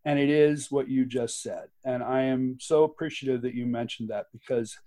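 A man's voice: mid-range voice, fairly even intonation, moderate pace, mellow. A man speaking as a guest author and activist in an interview, talking with passion and emphasis, laughing often and restarting his sentences. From United States. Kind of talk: conversational interview.

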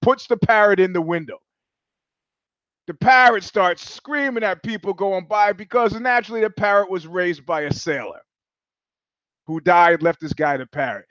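A man's voice: high-pitched, moderate pace, no echo, highs cut off. A man hosting a live-streamed show, delivering a rambling, profane comic monologue with many restarts. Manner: animated, profane, repetitive restarts. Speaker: host.

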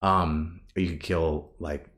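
A man talking in a casual podcast conversation, animated and profane, breaking into loud outraged bursts. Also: sits low, slow pace, slight background noise. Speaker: podcast guest.

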